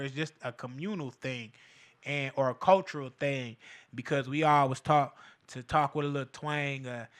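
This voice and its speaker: Animated man with bright, raised voice. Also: fairly high pitch, clean tone. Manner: animated, emphatic, street slang, frequent fillers. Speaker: podcast host. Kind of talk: casual commentary monologue.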